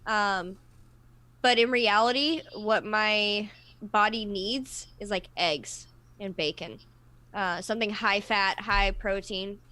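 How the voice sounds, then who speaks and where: A woman's voice: mid-range voice, takes it slowly, pushed and bright. A woman co-hosting a casual podcast panel chat, telling stories animatedly and laughing often.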